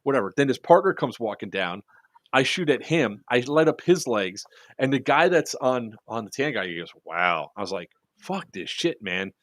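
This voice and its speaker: A man telling a long story in casual podcast chat, acting out the quotes with lively voices and freely swearing. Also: medium pitch, moderate pace, no echo. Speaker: airsoft podcast speaker.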